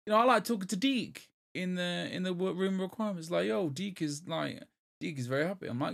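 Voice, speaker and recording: A young man chats loosely on a gaming podcast, his voice sitting a little high. He rambles through long lists and restarts his sentences. He laughs easily at his own jokes. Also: brisk, gravelly. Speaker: podcast co-host. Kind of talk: casual chat about video games.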